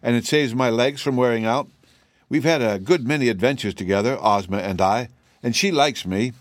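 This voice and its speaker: A man's voice: mid-range voice, moderate pace, no echo, close to an everyday voice. A man voicing a living wooden sawhorse, earnest and simple, sometimes hesitant. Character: wooden male sawhorse, proud yet meek.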